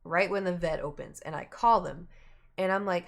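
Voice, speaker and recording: This woman streamer has a gravelly voice and talks at a normal speed while chatting her way through a long, rambling tale. She gives voice to the people she quotes, pushing her pitch up for each.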